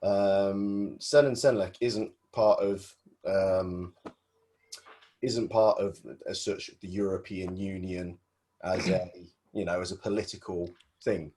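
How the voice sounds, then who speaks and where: A man's voice: low-pitched, fairly even intonation, takes it slowly, dark tone, a little hiss or hum. A man, a guest explaining wiring rules in a hesitant, explanatory way on a casual podcast. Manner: hesitant, explanatory, many fillers. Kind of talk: casual chat.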